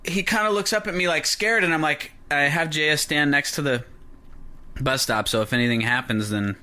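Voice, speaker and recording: A man in his thirties casually telling a story to a friend, animated and acting out the voices he quotes. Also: a little high, moderate pace. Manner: animated, acts out voices when quoting. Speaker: podcast host telling a story.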